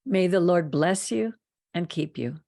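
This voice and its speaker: A woman's voice: fairly low pitch, animated, measured pace, gravelly, warm tone, no echo, studio quality. A woman hosting a Torah study talk, speaking earnestly and with emphasis. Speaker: host of a Torah study program. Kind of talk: teaching talk and closing blessing.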